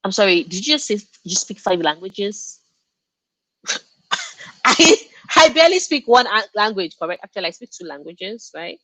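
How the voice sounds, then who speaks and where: A woman's voice: mid-range voice, very animated, normal speed, pushed and bright, no echo. A young woman whose first language is Yoruba, chatting casually and laughing on a live stream as a reading host. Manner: chatty and laughing, reacts to viewer comments. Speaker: book streamer hosting a reading check-in.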